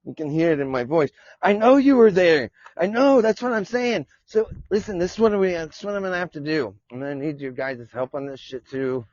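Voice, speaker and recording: A man rambling through a casual live podcast, profane and quick to laugh. His voice sits a little high and sounds dry and close. The audio is dull and lo-fi. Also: animated, a little mellow, dry recording. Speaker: podcast host. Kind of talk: casual live-stream chat.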